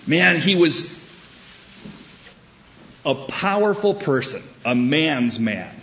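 A man preaching a sermon, telling a story with wry humor and deliberate emphasis. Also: fairly high pitch, very animated, fairly bright tone, muffled recording, slight background noise. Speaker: pastor.

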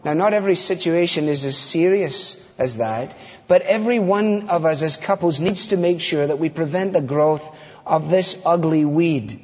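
A man's voice: on the high side, normal speed. A man preaching a sermon in a conversational, folksy way, telling stories with fillers and asides. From United States. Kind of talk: sermon with storytelling. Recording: dull recording with long hall reverb.

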